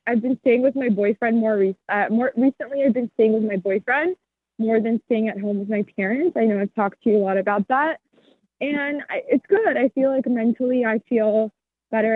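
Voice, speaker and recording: Young female caller, hesitant and rambling, slightly high and husky, on a thin phone line. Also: brisk, dry recording. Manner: rambling, hesitant, many fillers. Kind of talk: casual phone chat.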